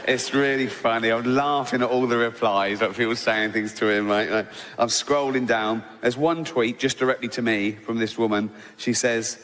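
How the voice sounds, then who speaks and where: Profane English stand-up comic. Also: male voice, mid-range voice, fairly even intonation, moderate pace, hardly any pauses, fairly bright tone, big-room sound, slight background noise. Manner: loose, profane storytelling with constant "right?" tags. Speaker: stand-up comedian. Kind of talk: stand-up comedy routine. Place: live comedy venue with an audience.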